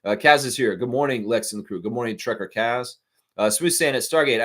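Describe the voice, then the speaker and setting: Brisk and medium in pitch, this man is running a live fan stream, reacting to chat in a casual way. His rant is heated and loaded with profanity, often surging into loud outbursts.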